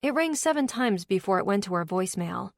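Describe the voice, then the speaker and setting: A woman narrating a romance audiobook in first person, steady and even, on a close studio mic. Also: medium pitch, brisk, gravelly, dry recording.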